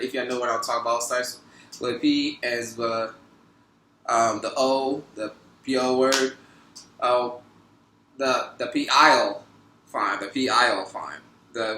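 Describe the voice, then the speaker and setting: A man's voice: fairly high pitch, bright, forceful tone, reverberant, poor audio. A young man ranting through a storytime vlog, rambling, repeating words and restarting his sentences. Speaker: vlogger. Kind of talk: storytime rant to camera.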